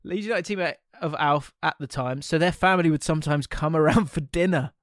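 Guy on a comedy podcast, kinda high voice, rambles and laughs a lot, dead dry sound. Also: a little fast, dry recording. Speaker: podcast co-host. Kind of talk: casual comedic chat.

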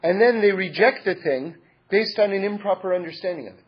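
High, husky man telling stories earnestly. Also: a little fast. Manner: repetitive, earnest, stacks adjectives. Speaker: religious teacher. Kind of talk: storytelling talk. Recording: dull lo-fi recording.

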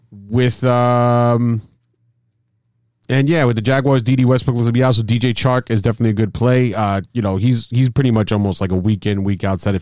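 Man, quick chatter, rambling, repeats himself, casual podcast, dry close mic. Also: mid-range voice, darkish tone, no room sound. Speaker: fantasy football co-host.

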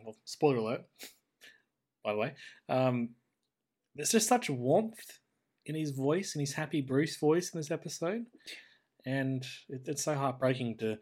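Australian man, podcast co-host, casual chat, mid-pitched, lively tangents. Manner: chatty, animated when quoting characters. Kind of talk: casual chat reviewing a cartoon.

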